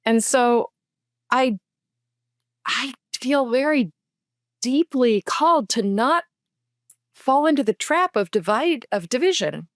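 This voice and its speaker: A woman's voice: high voice, expressive, dry recording. Earnest emotional woman, dry close sound. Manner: earnest and emotional, speaks slowly with feeling. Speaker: podcast guest, author. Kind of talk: heartfelt podcast conversation.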